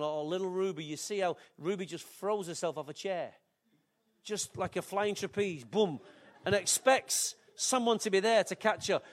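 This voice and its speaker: An older man, preaching a sermon in a chatty, joking way with asides to the congregation. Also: high voice. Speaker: pastor.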